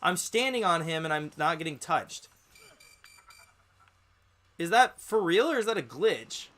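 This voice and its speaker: A man's voice: fairly high pitch, measured pace. A man hosting a stream, chatting casually and joking with friends while they play a game together. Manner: excitable, jokey banter. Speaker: streamer and host. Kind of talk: casual gaming chat.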